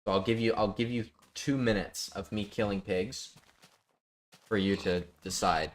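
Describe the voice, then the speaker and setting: A man's voice: on the low side, normal speed. A man chatting casually with his viewers while live-streaming a building game, reading out chat and joking. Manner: chatty, reads chat aloud, jokey.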